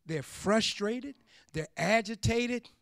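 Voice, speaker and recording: High voiced pastor man preaching slow, dry close sound, repeats stuff, gets loud. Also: gravelly, dry recording. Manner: emphatic preaching, repeats phrases, builds to shouts. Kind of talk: sermon.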